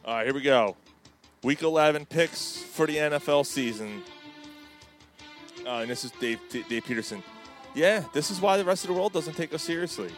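A man's voice: a little high, expressive, moderate pace, soft background music. A man hosting a casual sports podcast, chatting in a laid-back, profane way.

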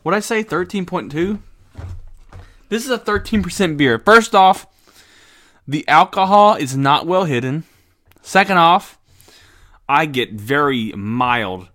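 Male podcast host, casual and blunt, bright forceful voice, swears freely, excitable. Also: fairly high pitch, measured pace, long pauses. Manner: blunt, excitable, swears and laughs often, many restarts. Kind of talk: casual podcast beer review and wrestling recap.

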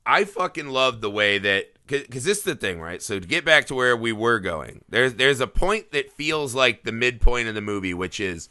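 Man, podcast co-host, bright forceful voice, dry close sound, recaps scenes, swears, acts out quotes. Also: medium pitch, lively intonation, moderate pace, few pauses, no echo. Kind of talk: casual film discussion.

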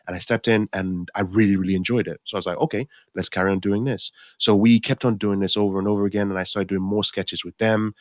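A man's voice: fairly low pitch, fairly even intonation, quick pace, hardly any pauses, no room sound, clean studio sound. A man in his forties from Nigeria, an actor telling his life story in an interview, rambling with many restarts and acting out his own past thoughts. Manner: rambling with frequent restarts and self-corrections. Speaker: actor guest. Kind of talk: conversational storytelling.

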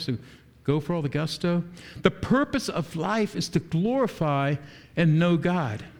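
High-voiced man preaching a sermon. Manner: animated preaching with rhetorical questions. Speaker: pastor.

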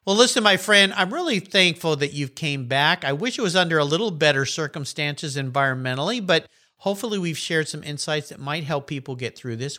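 An upbeat male podcast host with a bright, forceful voice, pitched a little high. He talks in a friendly, encouraging way, like easy conversation. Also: animated, fairly quick. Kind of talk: casual interview chat.

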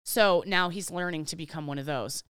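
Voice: mid-range voice, moderate pace, smooth, dry recording, clean studio sound. A podcast co-host telling a work story in casual chat, acting out each exchange and venting with casual swearing. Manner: animated storyteller, acts out dialogue.

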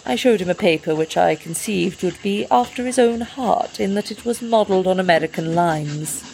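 A woman reading a literary story aloud as audiobook narration, in a measured, descriptive manner. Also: medium pitch, gravelly, darkish tone, a little hiss or hum. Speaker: audiobook reader.

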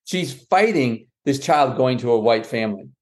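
A man's voice: mid-range voice, moderate pace. Man telling a family story, full of restarts. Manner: lively, quotes others with "she goes" and "I said"; frequent restarts and self-corrections. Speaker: guest, adoptive father. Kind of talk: storytelling in a podcast conversation.

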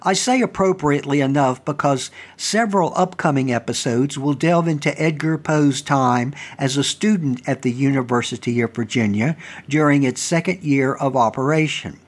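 A man's voice: mid-range voice, normal speed. A man hosting a show, narrating a first-person story in an earnest, conversational way. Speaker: storytelling host and historical reenactor.

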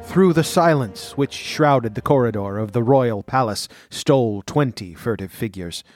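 A man reads an adventure tale aloud in a measured, dramatic way. His voice sits at a middle pitch and sounds dry and close, as if recorded right at the mic. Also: animated, a little mellow, dry recording, soft background music. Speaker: narrator. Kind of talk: audiobook narration.

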